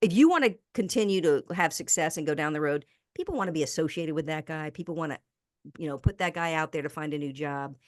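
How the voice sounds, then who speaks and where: Woman guest on a podcast, animated storyteller, fairly low voice, dry close sound. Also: fast, no room sound. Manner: animated storyteller, acts out quoted people. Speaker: guest speaker and author. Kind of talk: conversational podcast interview.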